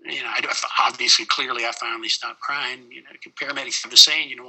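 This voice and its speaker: A man's voice: mid-range voice, a little fast, hardly any pauses, sharp tone, rough recording. A middle-aged man, a paramedic, telling a personal story in an interview, plain-spoken with many fillers.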